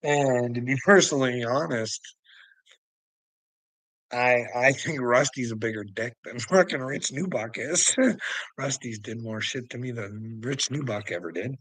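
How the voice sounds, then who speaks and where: This livestream host teases viewers and talks back to their comments in a crude, profane way, laughing between remarks. His mid-range voice is a bit bright and a little slow, recorded roughly with no room sound.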